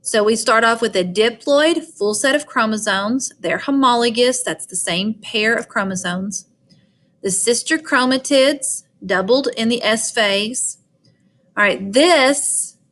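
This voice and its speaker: A woman's voice: on the high side, a bit bright. A woman with a Southern US accent giving a recorded biology lecture. She explains step by step in a chatty way and often checks in with "all right" and "okay.". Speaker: teacher.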